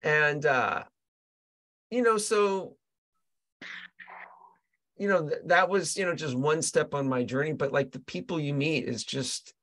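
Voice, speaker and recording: A man being interviewed as a real estate agent and coach, telling stories in a lively, casual way with many restarts. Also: a little high, measured pace, long pauses. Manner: animated storyteller, trailing restarts. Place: Colorado.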